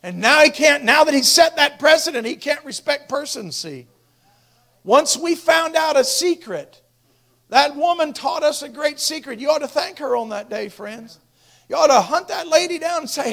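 High-voiced impassioned male preacher. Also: normal speed, gravelly. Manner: impassioned, swings from hushed to shouting. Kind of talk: sermon.

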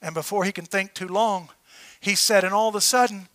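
A man preaching a sermon, telling a story with fervor, often shouting and tripping over repeated words. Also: high-pitched, fairly even intonation, fairly quick.

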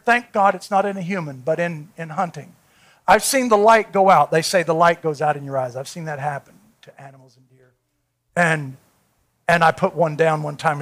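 A man preaching a sermon in a church. He tells a story and builds to loud, fervent peaks. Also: high voice. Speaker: pastor. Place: church sanctuary.

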